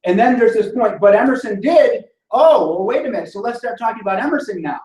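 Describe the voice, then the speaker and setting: A man lectures on sentence structure, explaining patiently and tagging his points with quick questions to the class. His voice sits fairly high and sounds roomy, picked up from a distance in an echoing classroom. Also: animated, darkish tone. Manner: explanatory, checks in with "right?" often. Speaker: instructor.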